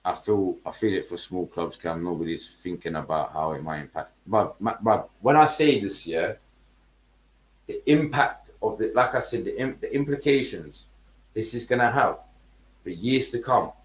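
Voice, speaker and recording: A man's voice: fairly low pitch, lively intonation, normal speed. Heated man ranting with slang. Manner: heated, swearing, heavy street slang. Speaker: football podcast host. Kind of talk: casual ranting podcast chat.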